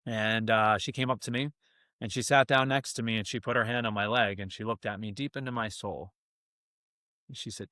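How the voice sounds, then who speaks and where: Young man, from Massachusetts, podcast guest, frank storyteller, bright forward voice, dry close sound. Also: fairly low pitch, a little fast, no room sound. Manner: candid, animated storyteller acting out quoted dialogue. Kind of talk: casual storytelling.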